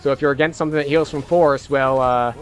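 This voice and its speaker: A man live-streaming a game, chatting casually and thinking out loud as he plays. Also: medium pitch, steady tone, fast talker, faint music behind. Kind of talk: live-stream gameplay commentary.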